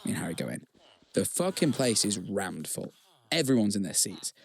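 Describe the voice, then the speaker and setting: A man's voice: on the low side, very animated, normal speed, gravelly, slightly rough. A young man co-hosting a podcast, telling stories in casual chat with lots of swearing and repeated words. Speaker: podcast co-host.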